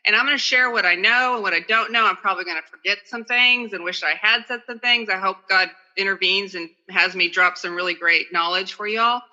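Chatty fast woman sharing at a meeting, bright sharp voice, sounds like a dull phone video call. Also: medium pitch. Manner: fast, chatty and self-deprecating. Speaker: recovery meeting speaker. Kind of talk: casual talk and reading aloud.

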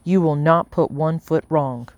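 A woman's voice: low voice, a little slow, darkish tone, no echo, lo-fi sound. A woman voicing an impatient, haughty lady of the house who speaks sharply and imperiously.

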